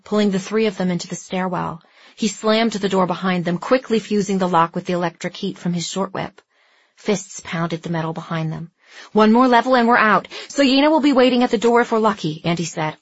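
A female audiobook narrator reads a scripted story in a husky, dry, lowish voice. The recording is dry and slightly dull, with a lo-fi quality.

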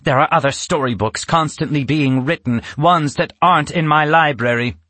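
A man's voice: fairly high pitch, moderate pace, a bit bright, dry recording, voice pushed up. A man reading a storybook aloud and voicing a cruel, spiteful female witch who snaps and screams with menace. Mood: contemptuous. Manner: snapping, menacing, bursts into screams.

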